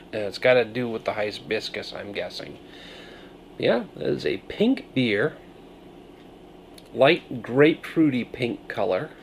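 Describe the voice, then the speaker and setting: A man's voice: medium pitch, gravelly, slight background noise. Musing man reviewing a beer on camera. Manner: musing, thoughtful tasting notes with pauses and hums. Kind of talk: casual beer review vlog.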